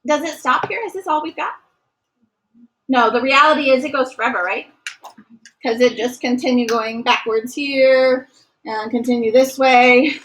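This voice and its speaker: A woman's voice: sits high, steady tone, moderate pace, poor audio. A woman teaching a math lesson to a class, encouraging and sometimes singing short note patterns. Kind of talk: classroom lecture.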